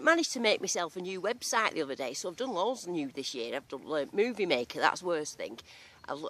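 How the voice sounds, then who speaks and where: A woman's voice: deep voice, a bit bright. A woman with a strong regional English accent, chatting casually and jokily with lots of slang while metal detecting outdoors. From England. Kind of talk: casual outdoor vlog narration. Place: outdoors in a field.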